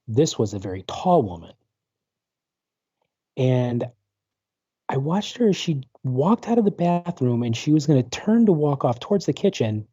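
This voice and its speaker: Over a dull, lo-fi internet call with no echo, a man in his forties tells a personal story as a talk show guest. The paranormal researcher has a mellow, mid-range voice with a sing-song lilt and a breathy edge, speaking at a measured pace with long pauses. In this casual interview he rambles, full of fillers and restarts.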